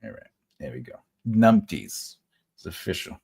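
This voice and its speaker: A man's voice: low voice, very animated, moderate pace, vocal fry, a little mellow, breathy edge. A man hosting a live writing class, chatting with viewers in a jokey, rambling way and laughing often. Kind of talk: live-stream chat reading comments.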